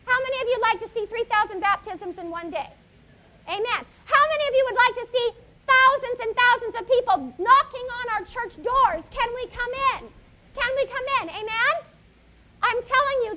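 A woman in her thirties preaches with a very high, bright voice. She tells the story with animation and keeps asking the congregation questions. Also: slight background noise. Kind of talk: sermon.

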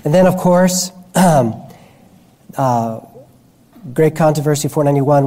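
Mellow-voiced male preacher telling a story. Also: fairly high pitch, measured pace, pauses often. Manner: storytelling with frequent restarts. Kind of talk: sermon.

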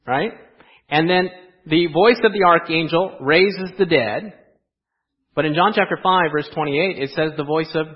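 A man delivers a sermon in a church, asking his listeners rhetorical questions. He drops into quiet asides, then lifts his voice for emphasis. His voice sits a little high, and the recording sounds dull and muffled. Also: breathy edge. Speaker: pastor. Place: church sanctuary.

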